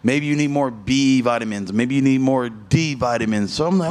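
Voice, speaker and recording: A man in his thirties, a fighter at a media day interview, telling stories in a loose, profane way with lively voiced asides. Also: mid-range voice, moderate pace, hardly any pauses.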